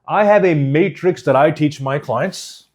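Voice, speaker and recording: A man coaching public speaking, teaching with emphatic, direct demonstrations that swing from loud to whispered and from fast to slow. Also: fairly high pitch. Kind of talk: teaching course.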